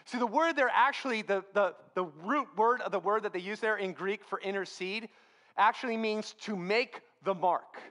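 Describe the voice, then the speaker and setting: A male pastor preaching a sermon in a church, talking in a relaxed, conversational way. He tells stories against himself with easy humor. His voice sits high for a man. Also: normal speed. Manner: conversational, humorous, self-deprecating storytelling.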